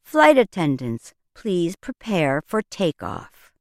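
A woman reading example words and sentences for an English lesson, deliberate and carefully articulated. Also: on the low side, huge pitch swings, darkish tone, dry recording, studio quality.

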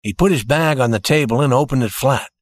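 A man reading a story aloud in a steady, expressive narrating style. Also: medium pitch, fairly quick, dry recording, studio quality.

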